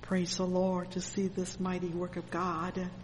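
A slow, deliberate preacher at an evening church service, reading scripture and breaking in with fervent cries of praise. The voice rings with a long hall reverb, and faint room ambience sits underneath. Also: mid-range voice, monotone, slight background noise. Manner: fervent, with constant "oh yes, praise the Lord" interjections; reads scripture verses aloud. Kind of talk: sermon.

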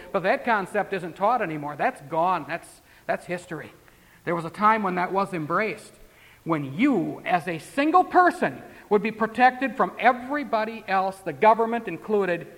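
A man's voice: high voice, fairly bright tone. A man preaching a sermon in a folksy, conversational way, full of rhetorical questions and asides. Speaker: pastor. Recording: long hall reverb.

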